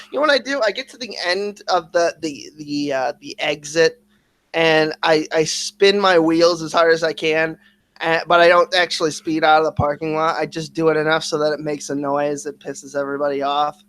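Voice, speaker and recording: A man rants through a casual podcast stream, swearing nearly every sentence. His voice sits a little high and comes across dry and close, with no room sound around it. He talks quickly and with lots of energy. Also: no echo. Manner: heavy cursing, ranting; fast, animated venting. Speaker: podcast co-host. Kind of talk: casual livestream chat.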